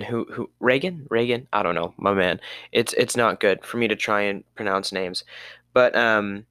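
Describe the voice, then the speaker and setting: A man's voice: fairly low pitch, fairly bright tone, clear, resonant tone, no room sound, studio quality. A man co-hosting a podcast, casually recapping a movie in a rambling way and sometimes losing his place. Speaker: podcast co-host.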